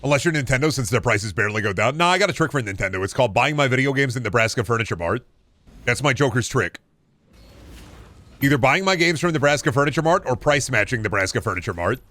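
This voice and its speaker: A man's voice: medium pitch, animated, quick pace, pushed and bright, no echo. A young man streaming a shooter game, riffing with goofy, profane jokes and mock voices. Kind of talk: casual gameplay commentary.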